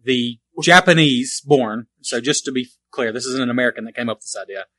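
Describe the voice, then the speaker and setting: Bright-voiced man rambling about old games. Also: medium pitch, a little fast, dry recording. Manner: rambling, self-correcting, laughs often. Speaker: podcast co-host. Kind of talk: casual chat about retro video games.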